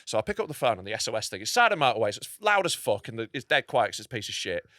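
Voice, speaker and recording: Lively swearing comic storyteller man. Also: medium pitch, no echo, clean studio sound. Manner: animated, sarcastic, quick to laugh at his own story. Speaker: comedian guest. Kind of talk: swearing storytelling on a comedy podcast.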